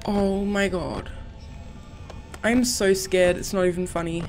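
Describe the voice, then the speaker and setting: A woman's voice: fairly low pitch, fairly even intonation, slow pace, music in the background. A young woman hosting a horror game let's-play, panicky and gasping, swearing under her breath. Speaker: gaming channel host.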